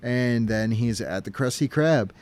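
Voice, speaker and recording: A young man co-hosting a podcast, casually recapping a cartoon, swearing and acting out lines in quick voices. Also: mid-range voice, a little mellow. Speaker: podcast co-host.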